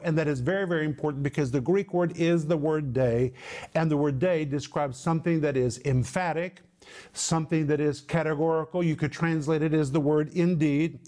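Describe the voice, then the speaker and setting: Middle-aged guy doing tv bible teaching, kinda high voice, leans hard on words and repeats them slow. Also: a little mellow. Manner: emphatic, stresses key words with slow deliberate repetition.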